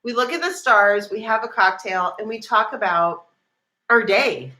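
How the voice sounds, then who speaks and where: Bright-voiced chatty woman. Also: medium pitch, a little slow. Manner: chatty, animated storytelling with laughs. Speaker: co-host, wife of the host. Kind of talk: casual livestream chat.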